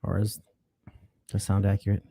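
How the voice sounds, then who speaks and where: Podcast host guy, lowish mellow voice, asking questions and theorizing, dry sound. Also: completely flat delivery, a little fast, creaky, slightly rough, no room sound. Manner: probing, conversational. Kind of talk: casual chat.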